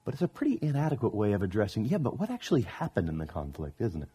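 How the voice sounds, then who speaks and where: Man, pastor, sermon, husky voice, animated storytelling, humorous. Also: fairly low pitch, very fast.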